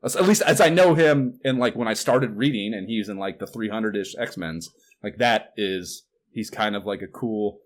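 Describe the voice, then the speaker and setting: Rambling, swearing podcast host. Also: male voice, lowish voice, moderate pace. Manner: rambling, swears often, animated outbursts of disbelief. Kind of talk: casual chat.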